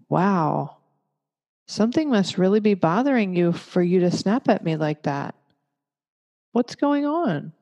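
A woman giving a calm, measured talk that teaches parents. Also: fairly low pitch. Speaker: parenting educator. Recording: long reverb.

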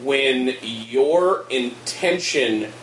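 A man's voice: medium pitch, expressive, drawn-out words, fairly bright tone. A man co-hosting a podcast in casual chat, blunt and profane, full of fillers. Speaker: podcast co-host. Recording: roomy echo, distant mic, faint hiss.

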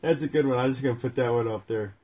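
A man's voice: medium pitch, fast talker, darkish tone. A man co-hosting a casual chat, reading a children's book aloud into a phone camera and joking about his own mistakes. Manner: jokey, rambling, laughs at himself. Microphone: phone front camera.

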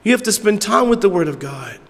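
A man preaching a sermon as pastor, emphatic and repetitive, dropping to hushed asides, in southern US vernacular. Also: high-pitched, sing-song, brisk. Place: church sanctuary. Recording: long church hall reverb.

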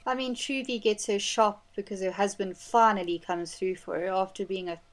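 A woman's voice: medium pitch, normal speed. A woman co-hosting a podcast, chatting animatedly about a film. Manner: animated, acts out quotes, laughs often. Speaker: podcast co-host. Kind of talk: casual chat about a film.

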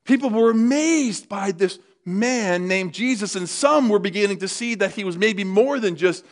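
Man, pastor, sermon, animated storytelling, fairly high pitch. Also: normal speed. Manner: animated storytelling, rises excitedly.

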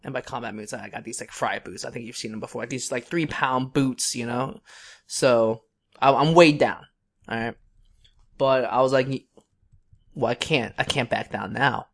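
A man's voice: medium pitch, moderate pace, vocal fry, a bit bright. A young man co-hosting a podcast, telling a long story in a casual, rambling way with many fillers and restarts. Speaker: podcast co-host.

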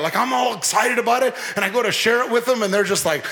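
A man preaching a lively sermon as pastor, joking and mimicking people as he talks. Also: high voice, fairly quick. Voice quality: animated, playful, mimics people. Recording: long hall reverb.

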